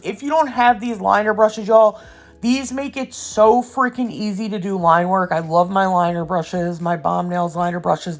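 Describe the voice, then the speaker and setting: Young woman, casual chatty vlog voiceover, ranting storyteller. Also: medium pitch. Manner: rambling, ranting storyteller who says "y'all" and "yo". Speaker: nail art vlogger.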